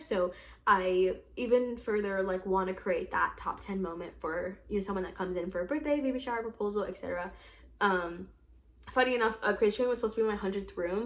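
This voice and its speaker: A young woman chatting casually as a podcast host, telling personal stories in a gushing, emotional way full of "like". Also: medium pitch. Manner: gushing, emotional, filler-heavy with lots of "like". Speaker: podcast host and escape room game master. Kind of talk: casual storytelling chat.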